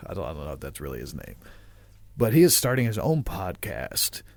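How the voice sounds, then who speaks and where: A man with a Midwestern American accent hosting a podcast, telling stories in a rambling, swearing, animated way. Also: low-pitched, fairly quick, vocal fry, no room sound. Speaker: podcast host. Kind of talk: casual chat.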